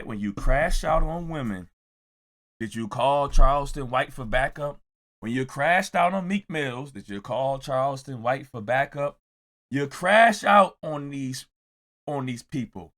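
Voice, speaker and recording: High, bright-voiced ranting commentator. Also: male voice. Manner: animated, repetitive ranting with shouted mimicking. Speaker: reaction commentator. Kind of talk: reaction video commentary.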